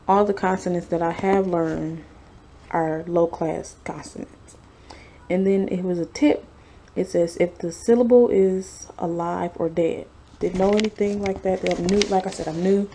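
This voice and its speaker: A woman's voice: fairly low pitch, darkish tone, slight background noise. A young woman vlogging from home, reading her study notes aloud in a casual, hedging way and often saying she is unsure. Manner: unsure, hedging, chatty with fillers. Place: at home, sister snoring nearby.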